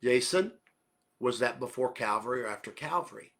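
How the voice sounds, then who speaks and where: A calm, gentle divine voice speaks low and steady, as a preacher voices it. The tone stays soft and reassuring, with a bright, clear edge to the words. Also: male voice, normal speed.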